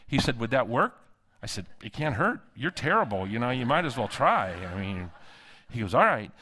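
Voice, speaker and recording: A man preaching to a conference crowd, telling a story in an animated way and acting out each line of dialogue. His voice sits in a middle register. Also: mid-range voice, fairly quick, breathy edge. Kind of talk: sermon. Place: conference hall.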